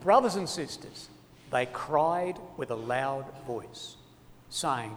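A man preaching a sermon with passion, his delivery sweeping from loud appeals to hushed, quiet lines. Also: fairly high pitch, expressive, slow pace, a little hiss or hum. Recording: long hall reverb.

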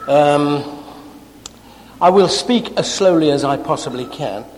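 A man with an English accent giving a Bible class talk to a congregation, self-deprecating and quickening as he gets excited. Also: fairly high pitch. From England. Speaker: preacher. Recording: long hall reverb.

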